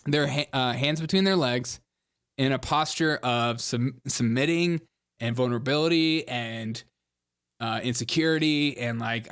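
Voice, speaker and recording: Brief: sarcastic male host, slightly high voice, riffs on clips with frequent laughs. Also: a little slow, fairly bright tone. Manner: mocking, sarcastic, laughs often. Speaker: show host. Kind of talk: political commentary.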